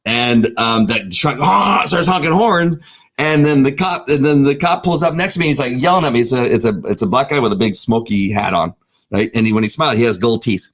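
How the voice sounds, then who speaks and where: A middle-aged man, co-host of a casual talk show, telling a long story and acting out the voices in it. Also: fairly quick. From Southern California. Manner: animated storyteller, acts out voices with big pitch jumps. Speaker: podcast co-host.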